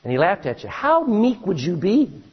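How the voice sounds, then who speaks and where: A man preaching a sermon, reading scripture aloud and swinging between loud emphasis and hushed asides. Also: sits high, huge pitch swings, normal speed, breathy edge, dull audio.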